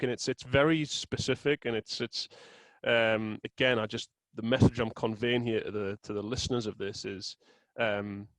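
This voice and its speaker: A man guesting on an interview, explaining his approach in a steady, thoughtful way. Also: on the low side, no echo, low-quality recording. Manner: measured, explanatory, with fillers and restarts. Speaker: guest, sales software co-founder. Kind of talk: casual interview chat.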